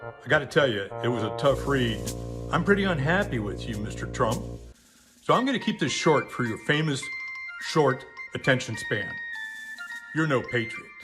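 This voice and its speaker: A man's voice: medium pitch, sing-song, moderate pace. A man in his sixties, a retired army general, bluntly addressing the camera in a political ad. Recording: voice over background music.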